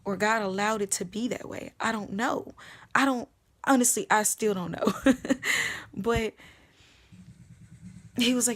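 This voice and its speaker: A young woman vlogging, telling a personal testimony in an earnest, emotional way, repeating phrases and sometimes dropping to a hush. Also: mid-range voice, measured pace, long pauses. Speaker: vlogger sharing her testimony. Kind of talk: personal storytelling.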